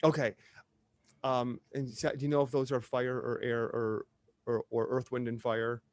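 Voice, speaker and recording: A man with a Wisconsin accent chats in an animated, storytelling way. His voice sits at a middle pitch for a man. The sound is dry and close, with no room around it. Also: normal speed, no echo. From Wisconsin, USA. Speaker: podcast guest. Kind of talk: casual chat.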